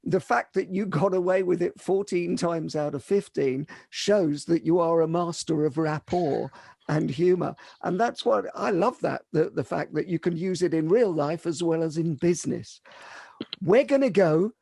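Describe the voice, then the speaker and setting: A man hosting a podcast who asks quick-fire questions and laughs easily. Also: a little high, vocal fry, mellow, husky, dry recording, clean studio sound. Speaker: podcast host. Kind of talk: interview questions.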